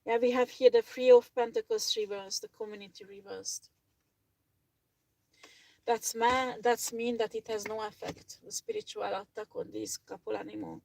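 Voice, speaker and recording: Gravelly-voiced woman reading tarot cards. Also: fairly high pitch, normal speed, a little mellow, low-quality recording. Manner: chatty, blunt, swears freely, many fillers. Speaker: tarot reader.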